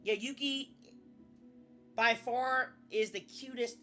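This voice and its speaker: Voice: mid-range voice, fairly even intonation, takes it slowly, sharp tone, faint music behind. A young adult VTuber chatting casually on a live stream, rambling, often restarting sentences and swearing now and then.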